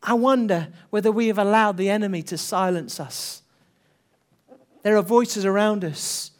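A man preaching a Pentecostal sermon to his church, earnest, swinging between hushed passages and loud, building calls, and often repeating himself as he restarts. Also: high-pitched, normal speed.

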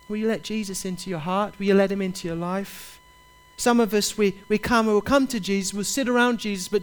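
A man's voice: high voice, fairly even intonation, brisk, clear, resonant tone. A man preaching a sermon, urging his listeners directly and repeating his key phrases with passion. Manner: impassioned, repetitive, urges listeners directly.

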